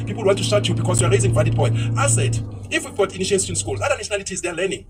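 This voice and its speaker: South african guy ranting fast while he drives, high voice, mic kinda far off with road noise in the car. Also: expressive. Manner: ranting, mixes in isiZulu phrases. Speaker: vlogger. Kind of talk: opinionated monologue while driving. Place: inside a moving car.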